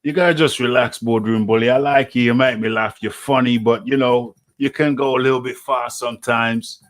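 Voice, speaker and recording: A man's voice: medium pitch, steady tone, moderate pace. A man hosting a live boxing chat show, talking casually and repeating his phrases. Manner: repeats phrases, laughs easily. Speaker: podcast host.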